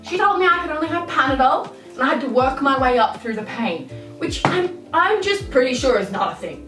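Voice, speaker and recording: A woman's voice: high voice, expressive, fairly quick, distant mic. A young woman vlogging a candid, rambling story in an exasperated storytime manner. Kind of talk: storytime vlog. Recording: roomy echo, off-mic, music behind.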